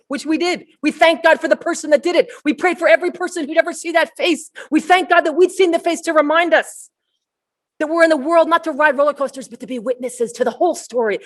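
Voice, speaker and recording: A woman preacher giving a storytelling sermon at an online service, building to excited, near-shouted peaks. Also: high-pitched. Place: online service, shared screen.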